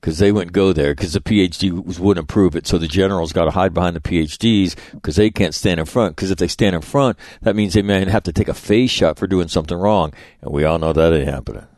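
A middle-aged podcast host and public speaker tells stories on his show in a low, slightly mellow voice, talking fairly quickly with hardly any pauses. His casual monologue is blunt, profane and rambling, full of restarts, and the studio-quality audio has no echo.

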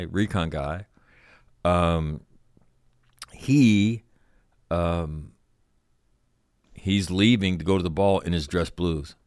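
Middle-aged man, very low smooth voice, dry close sound, rambling profane storyteller. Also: no room sound. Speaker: former Marine officer recounting stories. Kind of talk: casual storytelling chat.

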